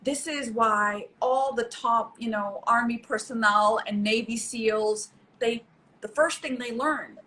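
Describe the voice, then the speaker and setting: This guest is a middle-aged psychologist whose voice is on the high side with a sharp tone. She explains in conversation with coaching emphasis, frequently repeating herself to stress ideas, and the rough recording carries slight background noise.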